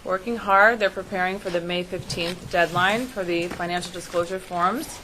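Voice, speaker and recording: A woman's voice: fairly low pitch, steady tone, normal speed, pushed and bright, slight background noise, low-quality recording. A woman who is an executive director, giving a businesslike report at a meeting and keeping her voice up so remote listeners can hear. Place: meeting room.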